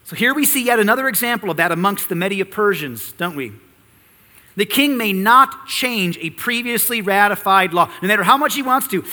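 A man's voice: high voice, bright, forceful tone, long reverb tail. A man preaching an expository sermon, reading scripture and teaching earnestly, with rhetorical questions to the congregation. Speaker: pastor.

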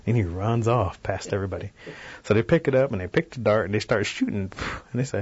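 A man telling a traditional folk tale in a relaxed, animated way, in a dull radio recording. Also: on the low side, a little fast, husky. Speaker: storyteller guest. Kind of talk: oral folk-tale storytelling.

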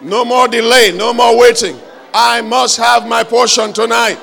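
A male preacher delivering a fervent revival sermon, shouting repeated calls for the congregation to pray aloud. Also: very high-pitched, steady tone, unhurried, gravelly, some chatter behind. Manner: fervent, repetitive exhortation.

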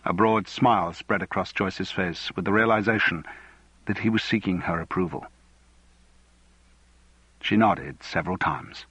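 A man reading a novel aloud as audiobook narrator, measured and even. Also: sits low, breathy edge, no echo. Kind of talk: scripted narration.

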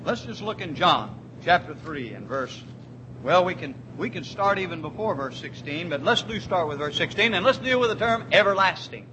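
Emphatic high-voiced preacher man. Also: expressive, noisy background. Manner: emphatic preaching, repeats key words, slows on scripture. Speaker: pastor. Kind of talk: sermon.

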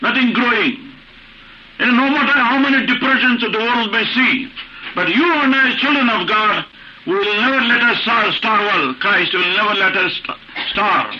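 A man's voice: sits high, expressive, moderate pace. A man preaching a sermon, repeating phrases for emphasis and asking rhetorical questions. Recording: muffled old recording with faint hiss.

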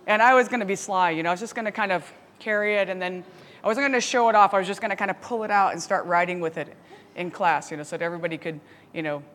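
A woman teaching a Bible study, telling a story with lively laughs and asides. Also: medium pitch. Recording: long hall reverb.

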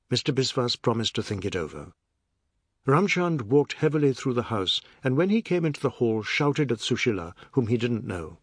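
Male audiobook narrator, husky voice, dry close sound. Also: mid-range voice, very animated, normal speed, no room sound. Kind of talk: scripted narration of a novel.

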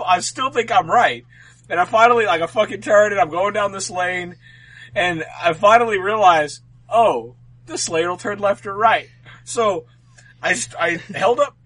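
A man's voice: sits high, pushed and bright, rough recording. Rambling, foul-mouthed podcast guy. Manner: rambling, profane, self-mocking. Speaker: podcast co-host. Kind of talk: casual comedic storytelling.

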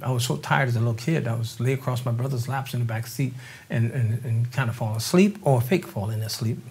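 An older man from New Orleans, a drummer and interview guest, telling stories in a relaxed, animated way, acting out the voices of people he quotes. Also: medium pitch, fast talker, husky. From New Orleans, Louisiana. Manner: animated storyteller, acts out quoted voices, laughs often. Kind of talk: casual interview storytelling.

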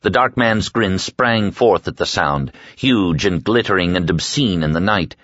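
A male audiobook narrator with a very deep, low voice, reading in a measured and steady way. The recording is dull and lo-fi, completely dry with no room sound, and it stays close to the mic. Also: no room sound. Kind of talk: scripted narration.

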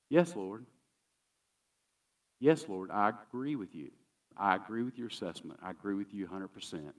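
A man's voice: mid-range voice, far from the mic, muffled recording, natural voice. A man preacher voicing a humble, desperate foreign mother pleading for help. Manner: pleading, submissive.

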